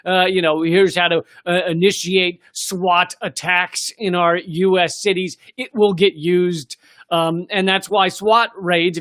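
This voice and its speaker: A man's voice: high voice, a bit bright. An American man in his thirties hosting a political comedy show, giving sarcastic, profane commentary with mocking asides. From United States.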